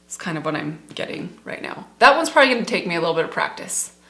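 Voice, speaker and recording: A woman's voice: fairly low pitch, sing-song, quick pace, fairly bright tone. A middle-aged woman beauty vlogger chatting casually and enthusiastically through a makeup tutorial, talking straight to her viewers. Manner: chatty, enthusiastic, addresses viewers as "you guys". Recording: echoey room.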